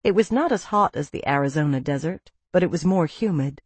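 A woman narrating a novel in first person, gentle and thoughtful. Her voice sits on the low side. It is recorded close and dry. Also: expressive, brisk, husky, dry recording. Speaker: audiobook narrator.

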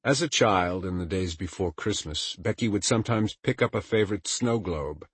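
Male audiobook narrator, deep and husky, measured dramatic read. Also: animated, no echo. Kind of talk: scripted narration.

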